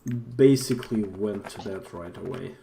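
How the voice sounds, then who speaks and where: A man hosting a casual group chat while playing a game, relaxed and joking. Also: on the low side, normal speed, gravelly, reverberant, a little hiss or hum. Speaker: host of a game stream.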